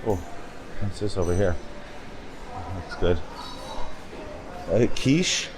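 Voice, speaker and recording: Male travel vlogger, slow easy pace, narrating his walk into a handheld camera. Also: sits low, lively intonation, background noise. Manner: chatty, narrating what he sees as he walks. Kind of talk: casual vlog commentary while walking.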